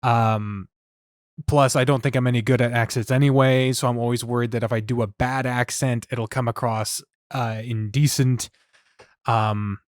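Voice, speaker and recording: A man's voice: mid-range voice, no room sound, clean studio sound. A man hosting a casual podcast roundtable, asking guests questions and musing aloud about his worries. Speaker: podcast host.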